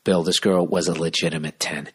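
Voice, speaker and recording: Low-voiced man in a hushed, profane ramble. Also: flat delivery, a little fast, slightly rough. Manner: profane, hushed half-whisper. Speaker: podcast host. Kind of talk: rambling comedic monologue.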